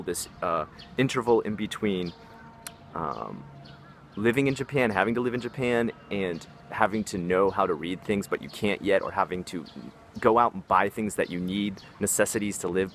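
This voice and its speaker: A man's voice: on the low side, fairly bright tone. A young man talking casually in a vlog, rambling with lots of fillers and swearing, recorded outdoors in a park. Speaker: vlogger giving tips on life abroad. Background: faint traffic and outdoor ambience.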